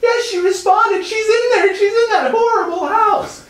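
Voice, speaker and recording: A man voicing a frantic young college woman in a shrill falsetto, shouting melodramatic panicked lines. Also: a little slow. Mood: horrified. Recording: echoey room, far from mic.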